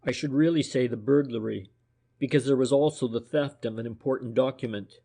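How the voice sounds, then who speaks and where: A man's voice: medium pitch, fairly even intonation, normal speed, a little mellow, lightly acted. A man reading as a furtive, deferential detective. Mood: businesslike. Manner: deferential, insinuating. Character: furtive, civil male private detective.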